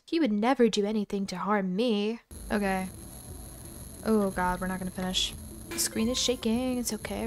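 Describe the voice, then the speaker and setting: With slight background noise behind her, a woman hosting a gaming channel talks through a let's-play in a chatty, excitable style, exclaiming dramatically. Her pitch is medium and her speed normal.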